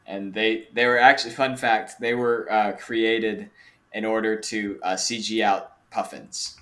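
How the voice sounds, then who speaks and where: A man's voice: lowish voice, steady tone, unhurried, fairly bright tone. A young man hosting a podcast quiz in casual chat, playful and often laughing. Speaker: podcast host running a quiz.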